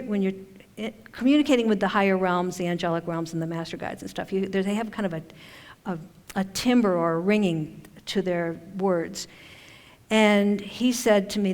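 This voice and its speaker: Chatty woman speaking in a reverberant hall. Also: mid-range voice. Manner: chatty and conversational, with self-deprecating humor. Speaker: conference speaker and author. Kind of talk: informal conference talk. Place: conference hall stage.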